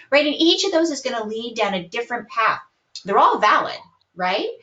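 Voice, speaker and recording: A woman psychologist calmly explaining coping strategies in a webinar, hedging often with "kind of". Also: on the high side, moderate pace. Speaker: psychologist guest. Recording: roomy, dull lo-fi webinar audio.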